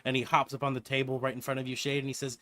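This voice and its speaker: A man narrating as game master of a tabletop game, relaxed and often laughing. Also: mid-range voice, very fast, no room sound.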